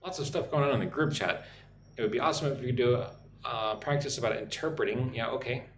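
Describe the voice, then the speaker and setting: A young American man teaching English on a live stream, chatting with viewers and repeating phrases slowly for practice. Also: medium pitch. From United States. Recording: echoey room with faint noise.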